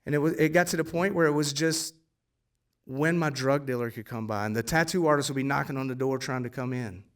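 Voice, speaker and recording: A man's voice: medium pitch, fairly quick, recorded from a distance. A man in his forties on a theater stage, telling his own recovery story in a casual, blunt way, with swearing and acted-out dialogue. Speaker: guest speaker sharing a recovery story. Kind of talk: live storytelling testimony. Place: theater stage before an audience.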